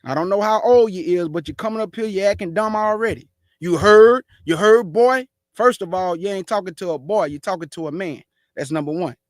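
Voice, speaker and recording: High-pitched passionate Texas man preaching. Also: fast, dry recording, clean studio sound. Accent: Houston, Texas. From Houston, Texas. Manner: forceful, passionate, aggressive delivery. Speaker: show host. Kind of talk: passionate religious talk show.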